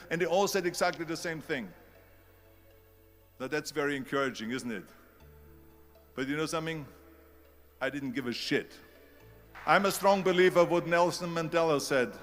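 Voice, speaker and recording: A man's voice: on the high side, a bit bright. A man with a German accent giving a motivational speech, emphatic and repeating key phrases for effect. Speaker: public speaker.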